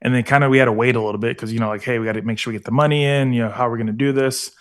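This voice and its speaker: A man's voice: mid-range voice, steady tone, rapid-fire. A middle-aged man talking earnestly in a casual podcast interview, with lots of fillers. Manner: conversational, many fillers, earnest. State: getting emotional, teary. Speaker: guest, foundation founder.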